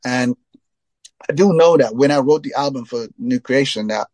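A man from Trinidad tells stories in a loose, rambling interview, dotting his talk with "you know". His voice sits at an ordinary pitch for a man, recorded close and dry with no room sound. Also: moderate pace, darkish tone, no echo. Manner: rambling, frequent "you know" fillers, laughs while telling stories. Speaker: interview guest, reggae singer. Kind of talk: casual storytelling interview.

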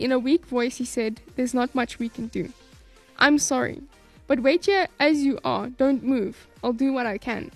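A woman reading a book aloud in a calm, measured way, then giving her review of it. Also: high-pitched, creaky.

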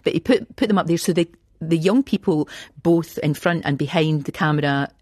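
A woman in her sixties with a Glasgow accent, talking as an interview guest in an animated, chatty, self-deprecating way. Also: low-pitched, a little fast, slightly rough, dry recording, clean studio sound. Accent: Scottish, Glasgow. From Scotland. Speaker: guest, TV presenter. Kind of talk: radio interview chat.

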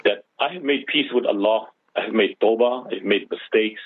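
A man's voice: on the low side, a little fast, breathy edge, dry recording. A male radio host giving religious advice to callers and listeners, preaching with rhetorical questions. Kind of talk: radio Islamic advice talk. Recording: tinny phone-line sound, dry.

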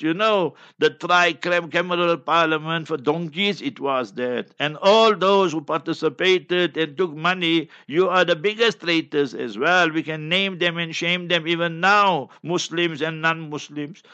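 Combative South African man, bright tense voice. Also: a little high, unhurried, few pauses. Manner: combative, repetitive, scornful. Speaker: Islamic scholar. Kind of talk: fiery religious commentary. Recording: dull lo-fi recording.

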